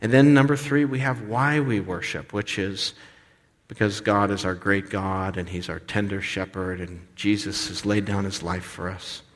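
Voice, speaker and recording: A man preaching a sermon as pastor, animated and expressive, sometimes acting out the voices of complaining people. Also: fairly low pitch, moderate pace. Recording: long reverb of a hall.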